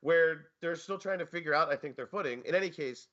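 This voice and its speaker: A man's voice: fairly high pitch, fairly quick, sharp tone, dull audio. A man co-hosting a sports podcast, rambling with restarts and offbeat comparisons. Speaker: podcast co-host. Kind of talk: casual sports betting chat.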